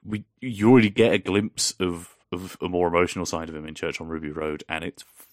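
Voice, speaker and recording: A man's voice: deep voice, steady tone, a little fast, dry recording, clean studio sound. A man co-hosting a podcast, chatting casually and enthusiastically, swearing freely and acting out quoted lines. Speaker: podcast co-host. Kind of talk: casual fan chat.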